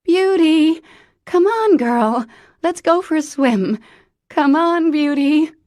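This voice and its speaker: A woman's voice: medium pitch, a little slow, dark tone, dry recording, clean studio sound, voice pushed up. A woman playing a young mother who calls out frantically and comforts her child tenderly, in an audiobook. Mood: frantic. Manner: pleading, edged with hysteria.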